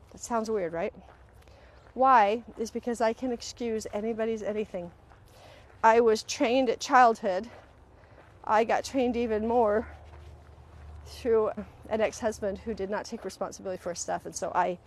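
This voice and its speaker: A woman hosting a live-stream talk on emotional healing, speaking earnestly to viewers and acting out quoted voices as she goes. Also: fairly high pitch. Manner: animated, acts out quoted voices mid-sentence; earnest, directly addresses viewers. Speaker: host. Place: at home, on a live video stream.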